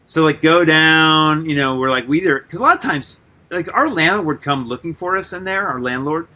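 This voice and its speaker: Animated, swearing man telling stories. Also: on the high side, a little fast. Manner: animated storyteller, swears freely, full of "like". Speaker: guest artist and musician. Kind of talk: casual storytelling interview.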